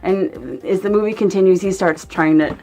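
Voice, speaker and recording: A woman's voice: medium pitch, moderate pace, a little mellow. A young woman vlogger telling a casual story. She rambles and swears freely, and fills her sentences with "like".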